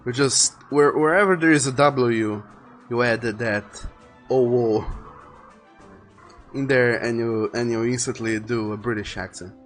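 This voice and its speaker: A man's voice: mid-range voice, normal speed, fairly bright tone. A man chatting casually while drawing on a live stream, rambling and thinking aloud, often repeating words as he goes. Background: faint music playing.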